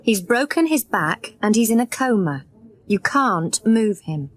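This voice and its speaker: A woman's voice: medium pitch, lively intonation, unhurried. A woman voicing a firm, curt male hospital doctor in a graded reader audiobook.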